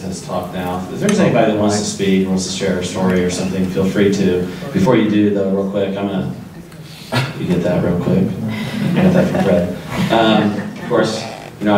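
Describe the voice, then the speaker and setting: Man, son hosting a memorial, very deep voice, distant echoey hall, faint noise. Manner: loose and joking, with frequent fillers. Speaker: son of the deceased, event host. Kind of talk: unprepared memorial speech. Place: large room at a memorial. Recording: echoey hall, speaker off-mic.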